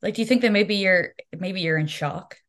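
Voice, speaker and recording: A woman's voice: medium pitch, moderate pace, a bit bright. A woman player in a tabletop role-play, talking hesitantly with many fillers.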